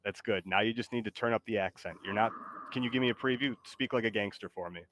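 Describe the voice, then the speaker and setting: A man's voice: lowish voice, quick pace, a bit bright, a little hiss or hum. A man streaming, talking casually and coaxing his AI co-host in a rambling way. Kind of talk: casual live-stream talk.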